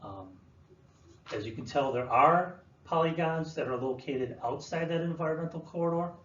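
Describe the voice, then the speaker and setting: A man's voice: a little high, normal speed. Male presenter, explanatory, distant mic, dull lo-fi sound. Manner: relaxed, explanatory, many fillers and restarts. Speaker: land use planner presenting. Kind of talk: live presentation to an audience. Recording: roomy, distant, dull sound with faint room noise.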